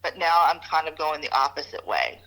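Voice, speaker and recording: A woman's voice: low voice, very animated, normal speed, a bit bright, rough recording. A woman co-hosting an advice podcast, candidly telling personal stories in casual chat. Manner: candid storytelling. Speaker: podcast co-host.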